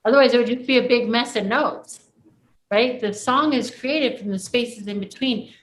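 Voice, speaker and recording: A woman's voice: on the high side, low-quality recording. A woman leading a class, talking through a spiritual coaching idea in an earnest, reflective way with many "like"s. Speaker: class leader.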